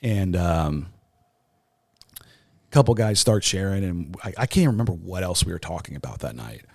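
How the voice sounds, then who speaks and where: A male sports talk show host, appearing as a podcast guest, gives a raw, emotional personal testimony. He speaks haltingly, full of restarts and fillers, with lively intonation and a darkish tone, and his voice leaps much higher when quoting others. There is no echo.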